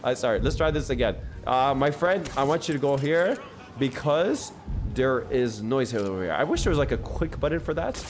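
A man streaming a video game, chatting excitedly and joking with his viewers. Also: medium pitch, moderate pace, slight background noise. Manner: excitable, jokey, talks to chat. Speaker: gaming streamer. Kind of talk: live gameplay commentary. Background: game music.

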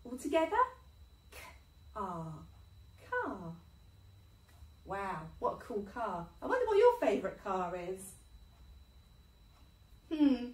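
A woman teaching a phonics lesson to young children, sounding out words slowly and praising them. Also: a little high, reverberant, distant mic, rough recording. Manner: sing-song, slow and encouraging, sounding out words. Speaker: infant school teacher.

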